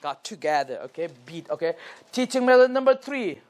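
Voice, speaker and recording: A man's voice: high-pitched, very animated, brisk, background noise. A man with a Mizo accent, a pastor leading a teacher training, asking questions and having the group repeat and clap. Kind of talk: interactive workshop teaching. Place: church classroom.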